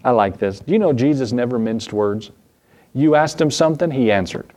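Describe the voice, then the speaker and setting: An emphatic preacher gives an evening church sermon, his pitch rising on rhetorical questions while he repeats phrases for stress. The voice is animated and darkish, moving at a moderate pace.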